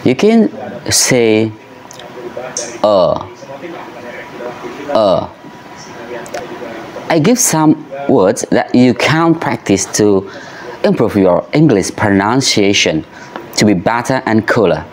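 A man giving an English pronunciation lesson, talking slowly and carefully and drawing out the vowel sounds for practice. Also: lowish voice, big pitch swings. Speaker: pronunciation teacher.

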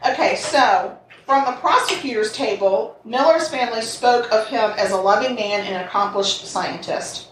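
A woman with a slightly high voice speaks at normal speed, co-hosting a podcast where she tells a true crime story in casual chat. She reads quotes aloud with sarcastic asides, recorded in an echoey room from a distant mic with faint noise.

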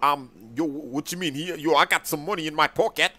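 A young man hosting an improvised game role-play, loud and excitable, talking in slang and calling out to his viewers. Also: fairly high pitch, fairly quick. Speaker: channel host.

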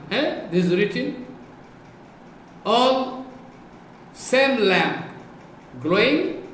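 A man with an Indian English accent giving a devotional lecture, repeating his points emphatically and reciting Sanskrit verses. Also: sits high. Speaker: spiritual teacher. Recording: echoey room, faint background noise.

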